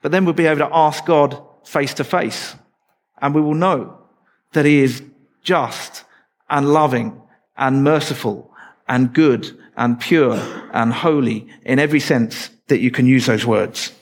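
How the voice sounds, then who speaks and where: A man's voice: mid-range voice, unhurried. A man preaching a sermon in a church, explaining scripture in a conversational way with light asides to the congregation.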